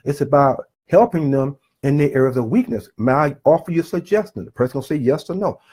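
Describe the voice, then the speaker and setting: A man's voice: on the high side, lively intonation, a little fast, darkish tone, slightly rough. A middle-aged man giving an earnest, rambling motivational talk, often restarting his sentences and drifting off his point. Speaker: self-published author giving a talk.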